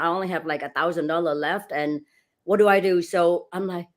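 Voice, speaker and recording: Animated woman telling stories, non-native grammar. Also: lowish voice, normal speed. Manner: acts out dialogue in her stories, non-native grammar, laughs often. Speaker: real estate broker and franchise owner, guest. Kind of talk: animated storytelling in an interview.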